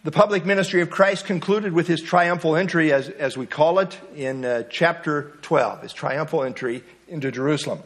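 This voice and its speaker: Pastor guy giving a bible study sermon, pretty high voice, earnest, leans into key words. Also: moderate pace, few pauses. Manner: earnest teaching with rising emphasis and fillers.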